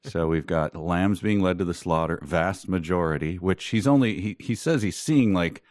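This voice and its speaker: Deep-voiced sardonic man. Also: normal speed, darkish tone, dry recording, clean studio sound. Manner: sardonic, mocking, laughs often. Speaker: podcast co-host. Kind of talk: casual chat.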